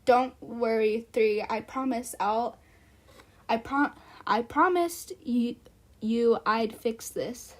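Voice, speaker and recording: A woman voicing a kind, protective young woman who gently reassures a friend, read from a fan story. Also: fairly high pitch, slow pace. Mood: reassuring.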